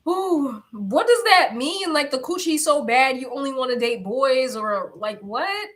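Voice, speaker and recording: A young woman chats with her livestream viewers in loose, frank slang. Her voice is bright and a touch high, and she takes her time. She laughs easily between remarks. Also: lively intonation, a little slow. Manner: candid, slangy, laughs often. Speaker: livestream host chatting with viewers. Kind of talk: casual chat.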